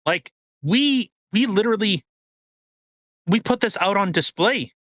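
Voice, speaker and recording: Male co-host, bright edgy tone, profane and animated. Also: sits high, measured pace, dry recording. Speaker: podcast co-host. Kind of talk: casual chat.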